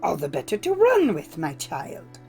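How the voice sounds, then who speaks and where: A woman voicing a sly, hungry male wolf in a storybook, speaking low and hushed. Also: huge pitch swings, normal speed, faint music behind, heavily acted.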